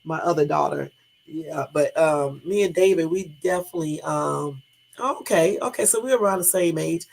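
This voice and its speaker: A woman's voice: low voice, moderate pace, creaky, darkish tone, rough recording. A middle-aged woman livestreaming casual chat to viewers, rambling and joking, laughing often. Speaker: livestream host.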